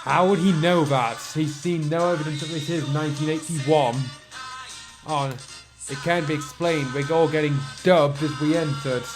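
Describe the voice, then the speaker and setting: A man with a fairly high voice reads fan fiction aloud and keeps breaking off for wry, sarcastic asides. Faint music plays underneath. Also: steady tone, moderate pace. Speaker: fan fiction reader and riffer. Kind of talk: comedic reading with commentary.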